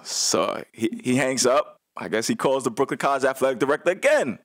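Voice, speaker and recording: A man's voice: mid-range voice, expressive, fairly quick, a bit bright, dry recording, clean studio sound. A man, a former assistant basketball coach, telling a story on a radio show in casual slang, acting out other people's lines.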